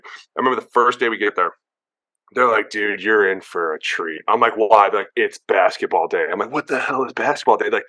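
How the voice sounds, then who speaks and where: Fast, bright, animated man telling stories. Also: fairly low pitch. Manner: animated, acts out quotes, many "like" and "dude". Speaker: guest, former pro football player. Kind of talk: excited casual interview storytelling.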